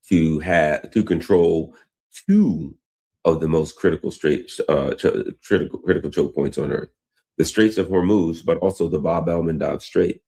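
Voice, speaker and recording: A man hosts his own news commentary in a loose, rambling way and drifts into personal stories. His voice sits low and husky. He restarts his phrases often as he works toward his point. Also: a little mellow. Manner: rambling, storytelling, frequent restarts. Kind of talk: casual commentary.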